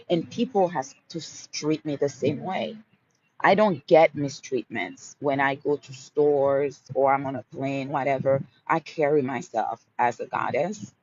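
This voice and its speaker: A woman's voice: low voice, a little mellow, dull audio, slight background noise. A woman with a Haitian accent hosting a live Q&A, speaking emphatically in affirming, repeated mantras and calling listeners honey and baby. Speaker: host of a live Q&A. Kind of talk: motivational livestream talk.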